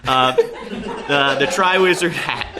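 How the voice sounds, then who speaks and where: A man cohosting a comedy podcast, improvising jokey narration excitably. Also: medium pitch, takes it slowly, a crowd in the background.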